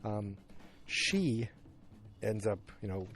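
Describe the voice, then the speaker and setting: A man with a somewhat low voice rambles casually through a podcast recap, chatty and full of fillers. He talks from home with faint music in the background. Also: expressive, slow pace, a bit bright. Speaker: podcast host. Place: at home in New England, moving about with his dog.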